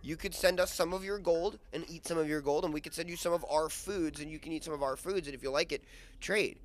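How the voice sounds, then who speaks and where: A man's voice: fairly high pitch, fast talker, lightly acted. A man playing an eager eleven-year-old boy who rambles with lots of fillers.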